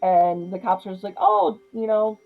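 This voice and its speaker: A young woman casually recapping a horror comedy, chatty and animated, laughing often. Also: mid-range voice, moderate pace, vocal fry, narrow, tinny audio. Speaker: film reviewer.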